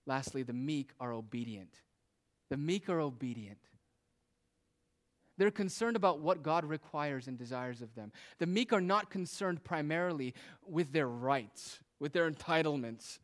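A man's voice: fairly high pitch, expressive, moderate pace. A man preaching a sermon with emphatic, rising and falling delivery. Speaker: pastor.

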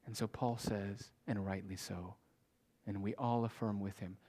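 A man preaching a sermon with passion, repeating phrases for emphasis and swinging between loud declarations and hushed whispers. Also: on the low side, fairly even intonation, unhurried. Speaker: pastor.

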